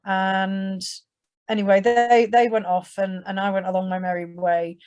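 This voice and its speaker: A young woman from England shares her personal testimony with a church audience, speaking conversationally with frequent restarts and acted-out quotes. Her voice is medium in pitch, level and unhurried, slightly mellow, clear and resonant.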